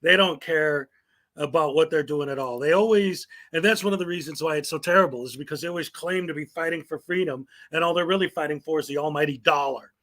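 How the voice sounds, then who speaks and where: A man's voice: a little high, fast, fairly bright tone. A man hosting a commentary show, reading viewer comments aloud in a sarcastic, mocking way. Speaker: commentary channel host.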